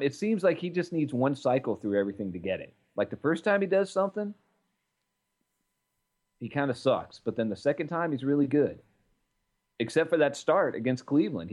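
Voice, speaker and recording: Wisecracking man with a lively voice. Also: mid-range voice. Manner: joking, sarcastic banter. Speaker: podcast co-host. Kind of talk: casual sports chat.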